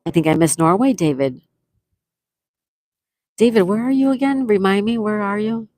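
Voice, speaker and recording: With lively intonation at a moderate pace, a woman speaks in a medium-pitched, darkish voice carrying a Buffalo, New York accent. She hosts a casual live stream, reading viewer comments aloud and then answering, in clean studio sound without echo.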